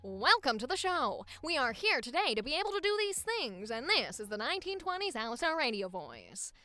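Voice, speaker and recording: A woman's voice: high-pitched, sing-song, brisk, bright, forceful tone, heavily acted. A woman voicing a showy 1920s male radio announcer with theatrical, projected delivery.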